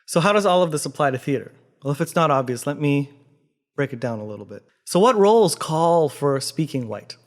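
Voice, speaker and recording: A man's voice: a little high, lively intonation, a little fast. A man from Canada, a theatre actor, talking earnestly in a reflective vlog and posing many rhetorical questions. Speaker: theatre actor and video host.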